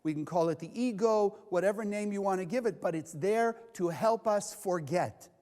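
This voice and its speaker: High-voiced animated male lecturer. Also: normal speed, in a large hall. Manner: animated, acts out inner voices, asks the audience questions. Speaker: Kabbalah teacher. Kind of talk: lecture to a live audience.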